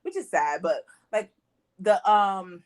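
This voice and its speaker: A woman co-hosting a casual movie review podcast talks slowly in a medium-pitched voice with lively intonation. She animatedly recounts scenes, performing quotes and laughing often.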